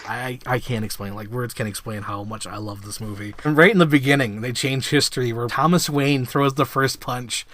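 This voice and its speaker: A man hosting his own vlog, reviewing a film in a casual, excitable monologue, swearing freely and acting out scenes. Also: medium pitch, normal speed, hardly any pauses, background noise. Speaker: movie reviewer, host.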